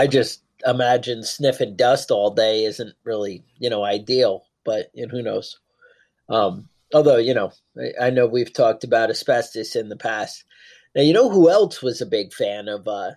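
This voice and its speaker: A man's voice: mid-range voice, measured pace, darkish tone. A man co-hosting a podcast, talking casually in rambling, joking asides. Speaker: podcast co-host.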